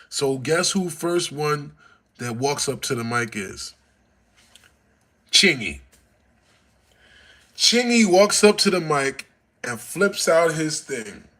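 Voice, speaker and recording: Texas guy on a phone livestream telling studio stories, mumbly then suddenly loud and hyped. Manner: animated, swings between mumbling low and loud excited bursts. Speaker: livestream host. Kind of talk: casual storytelling livestream.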